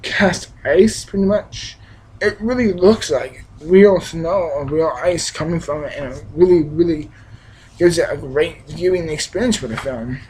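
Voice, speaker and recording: Young man, casual film review, rambling restarts, enthusiastic, slightly high voice, faint hiss. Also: unhurried, darkish tone, poor audio. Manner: rambling, frequent restarts and fillers; enthusiastic, emphatic. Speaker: movie reviewer.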